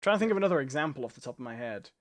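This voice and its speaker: A man with an English accent co-hosting a casual chat, opinionated and quick to laugh. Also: medium pitch, lively intonation, no echo, clean studio sound. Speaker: co-host.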